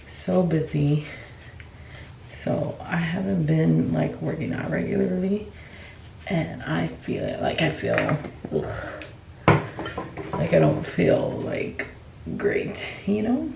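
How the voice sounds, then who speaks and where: A woman's voice: deep voice, creaky, background noise. A woman in her thirties, a mother, chatting casually to camera in a vlog and sometimes a little out of breath. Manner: chatty, talks straight to camera. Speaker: vlogger.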